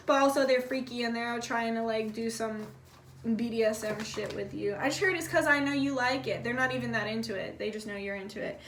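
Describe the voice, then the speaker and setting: A woman's voice: on the high side, brisk, a bit bright, a little hiss or hum. Chatty woman reading tarot in an echoey room. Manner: chatty and blunt, swears freely, many fillers like "like". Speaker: tarot reader. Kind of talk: casual pick-a-card tarot reading. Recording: echoey room, voice a bit far from the mic.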